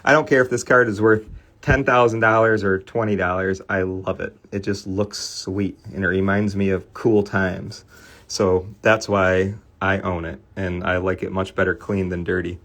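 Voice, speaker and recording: Chatty low-voiced man telling a story. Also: level tone, moderate pace, fairly bright tone. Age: middle-aged. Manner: rambling storyteller, laughs often, chatty with viewers. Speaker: card cleaning livestream host. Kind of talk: casual livestream chat.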